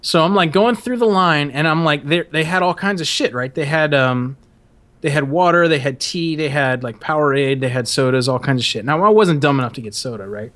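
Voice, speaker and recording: Casting: male podcast host, rambling and profane, a bit high and very bright. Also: a little fast. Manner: profane, laughs often, rambling. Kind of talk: casual storytelling.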